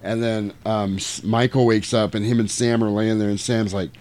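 A man with a fairly low voice chats casually at a moderate pace, walking through a movie plot scene by scene. He tells it animatedly, acting out the quotes and swearing freely. There's no echo.

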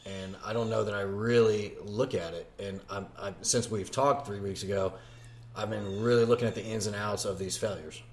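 A man hosting a podcast interview, asking questions haltingly with many ums and restarts. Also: fairly low pitch, fairly even intonation, echoey room, a little hiss or hum. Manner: hesitant, restarts phrases with many "um"s. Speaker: podcast host. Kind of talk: casual interview.

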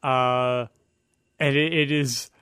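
A man's voice: medium pitch, fairly even intonation, slow, sharp tone, smooth, dry recording, clean studio sound. A young man talking as a guest on a casual film podcast, explaining editing in an analytical way with many fillers.

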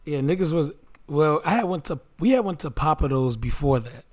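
A man's voice: fairly high pitch, expressive, fairly quick. Laid-back man telling a story. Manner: loose, laughing storyteller with slang. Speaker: podcast co-host. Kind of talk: casual chat, storytelling.

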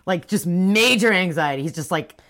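A woman's voice: fairly low pitch, normal speed, slight background noise. A woman co-hosting a casual chat, recapping a story with lots of swearing and acted-out quotes. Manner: animated, swears freely, acts out quotes.

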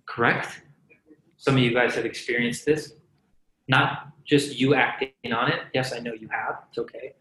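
Brief: casual male preacher, bright tone, echoey church room, chatty sermon with frequent check-ins. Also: mid-range voice, slight background noise. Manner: conversational, asks the crowd "right?" often, jokes and laughs. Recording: roomy echo.

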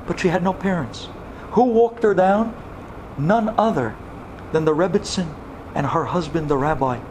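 Male rabbi narrator with a slightly high voice, dramatic delivery that drops to whispers, light noise behind. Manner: acts out voices, swings from loud to hushed whispers. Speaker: rabbi telling a story. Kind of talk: dramatic storytelling.

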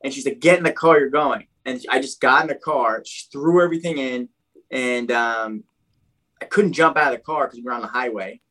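Young adult man, animated, chatty guest recounting his past in a mid-range voice. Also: medium pitch, brisk, rough recording. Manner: animated, heavy use of "like" and "dude". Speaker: guest telling his life story. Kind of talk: casual storytelling.

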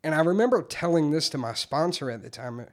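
A man telling his recovery story in casual, candid talk, swearing freely and getting animated when he quotes himself. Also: on the high side, brisk.

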